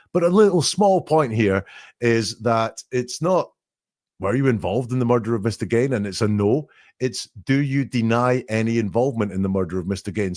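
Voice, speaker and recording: Low-voiced man in dry analytical commentary. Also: darkish tone, no echo. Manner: analytical, quotes lines then picks them apart. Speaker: podcast host. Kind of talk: commentary analyzing interview clips.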